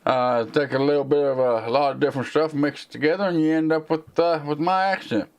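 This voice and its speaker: A man's voice: fairly high pitch, fairly even intonation, brisk, a little mellow, clear, resonant tone, highs cut off. Rambling Southern American man, slight slur. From United States. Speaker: tech channel host. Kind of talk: live stream Q&A chat.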